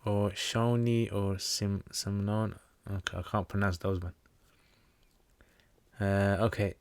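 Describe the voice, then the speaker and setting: A man's voice: on the low side, level tone, slow, a little mellow, clear, resonant tone, no echo. A British man hosting a casual livestream Q&A. He answers viewers' questions on Islamic practice in a chatty, informal way and reads each question aloud before he answers.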